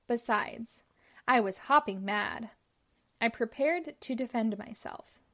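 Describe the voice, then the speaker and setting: Expressive woman reading a kids' book. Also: fairly high pitch, slow pace. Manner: expressive storytelling. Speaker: children's book reader. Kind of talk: reading a picture book aloud.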